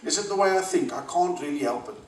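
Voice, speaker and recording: A South African man telling a joke in a high, squeaky voice, recorded live in an echoey room. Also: expressive, quick pace, recorded from a distance, lightly acted.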